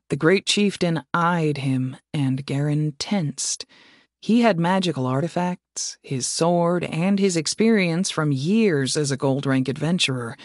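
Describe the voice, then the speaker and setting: A man reading fantasy fiction aloud as an audiobook narrator, in a measured, steady way. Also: fairly high pitch, no echo, studio quality.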